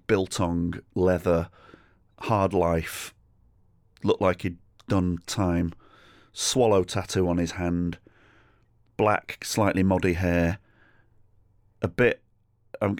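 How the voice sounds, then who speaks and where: A deep-voiced English man telling a story on his solo comedy podcast, sweary and chatty, with bursts of animation and asides. His voice is close and dry, with no room sound around it. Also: dry recording. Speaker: podcast host.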